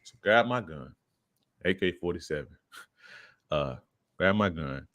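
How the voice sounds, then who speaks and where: A man's voice: low-pitched, expressive, takes it slowly, a bit bright, no echo. A young man, a podcast guest, casually telling a profane street story and acting out the quoted lines in a raised voice.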